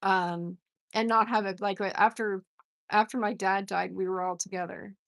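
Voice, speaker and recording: A woman's voice: medium pitch, fairly even intonation, moderate pace, gravelly, fairly bright tone. A middle-aged woman hosting a poetry livestream, reading poems aloud and chatting with viewers, greeting them by name and laughing at herself.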